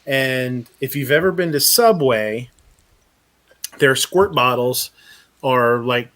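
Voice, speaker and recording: A man's voice: medium pitch, slow pace, fairly bright tone. A man hosting a casual live chat, telling a rambling story full of swearing and laughter. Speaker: podcast host.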